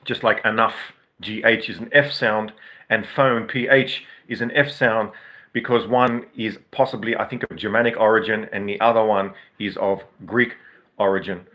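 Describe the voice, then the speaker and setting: A man's voice: fairly low pitch, steady tone, normal speed, bright, forceful tone. A man hosting an unscripted, reflective monologue, explaining things in a rambling, professorial way with asides. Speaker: podcast host.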